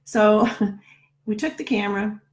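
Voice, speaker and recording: A woman's voice: medium pitch, measured pace. A middle-aged woman, a numerologist, telling a personal story in a casual, chatty way, often checking in with "right?". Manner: chatty, keeps asking "right?".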